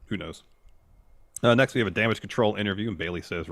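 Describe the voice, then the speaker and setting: A man's voice: fairly low pitch, fast, fairly bright tone, no room sound. A man co-hosting a casual wrestling recap podcast, talking steadily and agreeably as he weighs where the story is going.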